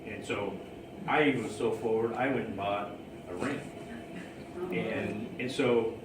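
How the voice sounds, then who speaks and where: A man's voice: fairly low pitch, steady tone, measured pace. Man, rambling anecdote, frequent chuckles, far-off mic, roomy sound. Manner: rambling, laughs often at his own story. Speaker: storyteller recounting his own romance. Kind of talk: casual personal storytelling. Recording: roomy, distant mic, ambient noise.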